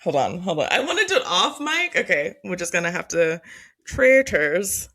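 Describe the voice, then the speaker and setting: A giggly woman co-hosting a relaxed podcast. Her pitch swings up and down a lot as she chats, and a gravelly fry shows in her lower notes. She fills her talk with ums and likes. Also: a little fast. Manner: giggly, laughs often, lots of fillers. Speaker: podcast co-host. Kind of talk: casual chat.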